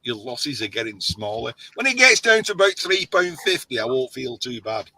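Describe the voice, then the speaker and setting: A man's voice: mid-range voice, sing-song, normal speed, sharp tone, no echo, poor audio. A man hosting a casual livestream chat, rambling and jokey as he gets a little tipsy. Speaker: host.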